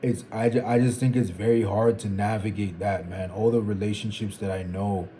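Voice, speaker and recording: A man's voice: on the low side, steady tone, normal speed, mellow, a little hiss or hum. A young man from Zimbabwe thinking aloud in a reflective vlog, meandering and repeating phrases as he works through his thoughts. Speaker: vlogger. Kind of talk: reflective solo talk to camera.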